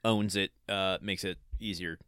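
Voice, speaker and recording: A man's voice: low voice, steady tone, a little slow, a bit bright, clean tone, no echo. A man co-hosting a podcast, chatting casually with hesitant restarts and dry humor. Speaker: podcast co-host. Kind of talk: casual chat reviewing a sitcom episode.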